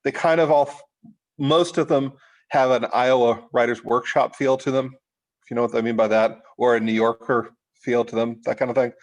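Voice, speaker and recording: A middle-aged man leads a writing workshop in a loose, unscripted way. His voice sits at an ordinary middle pitch, and he stops and restarts often, filling the gaps with fillers. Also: fairly even intonation, poor audio. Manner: halting, many restarts and fillers. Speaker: writing teacher. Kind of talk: informal workshop talk.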